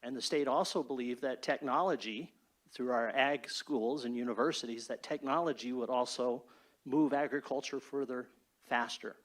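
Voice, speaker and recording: Brisk man giving a formal board presentation. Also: mid-range voice. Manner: brisk, orderly, speech-like delivery. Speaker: state fair chief executive. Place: state board meeting room.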